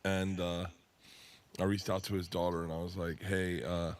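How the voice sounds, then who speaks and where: A man casually telling a story on a podcast, relaxed and halting with fillers. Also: low-pitched.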